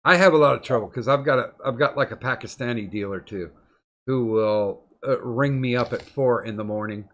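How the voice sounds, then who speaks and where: Brief: middle-aged male host, mid-pitched, profane, rambling anecdotes in loose banter. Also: brisk, fairly bright tone. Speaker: podcast host. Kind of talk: casual chat.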